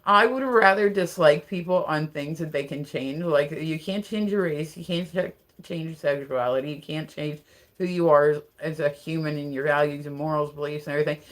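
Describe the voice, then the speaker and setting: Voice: medium pitch, moderate pace, fairly bright tone. A livestream host in casual chat, rambling with lots of fillers and frequent laughter.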